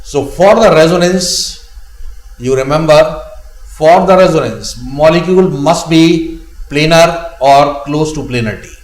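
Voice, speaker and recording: A man with an Indian English accent gives a chemistry lesson in a slow, deliberate way, saying key phrases twice. His voice sits a little high, and the recording has a roomy echo. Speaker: chemistry teacher. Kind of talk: classroom lecture.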